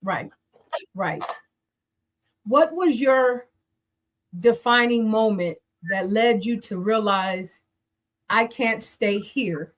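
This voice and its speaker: A woman's voice: a little high, slow, long pauses, slight background noise. A woman hosting a faith talk show, affirming her guest and asking reflective questions. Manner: encouraging, affirming listener. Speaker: host.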